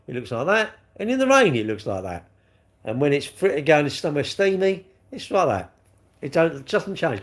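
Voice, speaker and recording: A man rambling cheekily through a casual live stream, bantering with viewers and swearing freely. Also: medium pitch.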